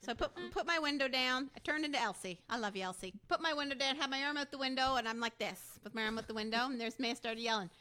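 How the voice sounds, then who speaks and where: A woman co-hosting a podcast, telling a road-trip story in casual chat, animated and quick to laugh. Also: high voice. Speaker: podcast co-host.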